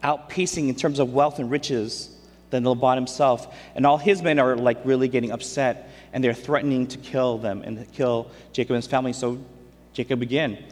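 Male preacher, mid-pitched, chatty retelling of scripture, echoing hall sound. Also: fairly even intonation, moderate pace. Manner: conversational, retells scripture in everyday speech. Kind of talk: casual sermon storytelling. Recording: long hall reverb.

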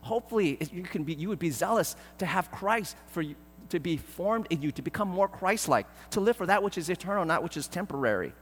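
A man preaching a sermon as pastor, earnest and pleading, often repeating words and filling pauses. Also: high voice, expressive, breathy edge, in a large hall.

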